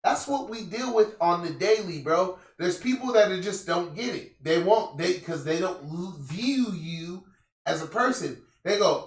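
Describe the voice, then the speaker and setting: A young man with a high, lively voice tells stories in a casual chat, swearing often and mimicking the people he meets. He sounds set back from the microphone, with a roomy echo around him. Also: measured pace. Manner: animated, profane, acts out quoted people. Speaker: podcast host. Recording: roomy echo, distant mic.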